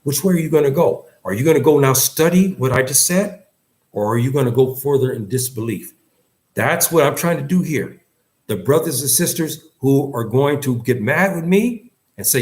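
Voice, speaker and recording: A man's voice: medium pitch, lively intonation, normal speed, a little mellow. A man giving an Islamic lesson in English, earnest and emphatic, often repeating himself and restarting his sentences. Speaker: religious teacher.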